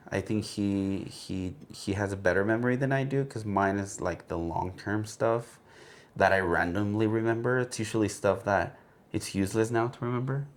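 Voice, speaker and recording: A man and podcast co-host telling a casual anecdote, rambling with lots of fillers. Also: lowish voice. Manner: rambling storyteller with many fillers.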